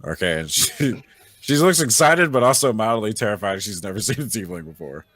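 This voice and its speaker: Deep-voiced, chatty game player. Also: male voice, animated, a little fast, fairly bright tone, no echo. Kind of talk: describing character actions.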